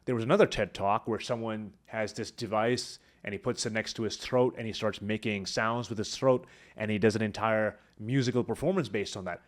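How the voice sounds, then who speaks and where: A man teaching public speaking, talking to camera with lively swings between high energy and quiet, hushed moments. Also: a little fast, few pauses. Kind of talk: instructional talk to camera.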